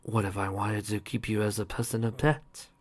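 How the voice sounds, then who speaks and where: A man voicing a cruel, menacing villain in a slow, quiet drawl. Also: lowish voice, lively intonation, creaky, full character voice. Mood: taunting. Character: cruel male villain, cold, menacing, foreign-sounding.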